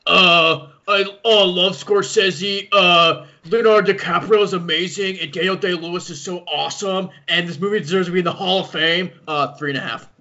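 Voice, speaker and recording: A hesitant, gushing film fan who stumbles over every uh, as a man does an impression of his friend. His voice sits high for a man and comes through slightly dull podcast audio. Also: steady tone, sharp tone. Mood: mocking. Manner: halting, full of uhs, drawn out.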